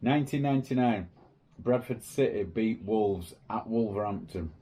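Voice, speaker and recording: A man's voice: on the low side, moderate pace, low-quality recording. Man swearing through a story. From England. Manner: swears freely, animated storytelling. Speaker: podcast co-host. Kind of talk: casual chat.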